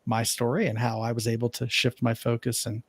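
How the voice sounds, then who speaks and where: A man's voice: medium pitch, monotone, fairly quick, dry recording, studio quality. A man being interviewed as a guest, telling a personal story in an earnest, reflective way. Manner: earnest, reflective, acts out remembered dialogue. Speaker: podcast guest, life coach.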